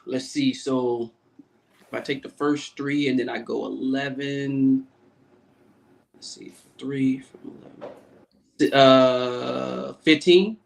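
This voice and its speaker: A man's voice: mid-range voice, fairly even intonation, slow, gravelly, pauses often. A man guest on a podcast, a Navy command master chief, telling a loose, profane story and acting out the people he quotes. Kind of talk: casual storytelling interview.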